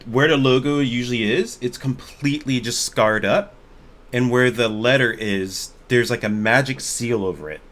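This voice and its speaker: A man runs a tabletop game over a voice call, describing the scene in a loose, casual way and leaning on plenty of fillers. His voice sits at an ordinary middle pitch, like everyday conversation. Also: normal speed, fairly bright tone. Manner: casual, filler-heavy narration. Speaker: game master. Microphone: online voice call.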